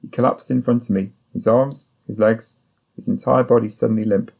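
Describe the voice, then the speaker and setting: A man narrating an audiobook in the first person, in a steady, measured way. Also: mid-range voice, gravelly.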